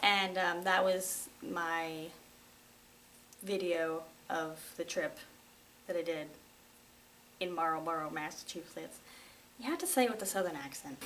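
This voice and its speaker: A woman's voice: medium pitch, fairly bright tone. Wry, chatty young woman vlogger. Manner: wry, self-mocking, chatty. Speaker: host. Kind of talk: casual vlog chat. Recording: slightly distant mic, faint room noise.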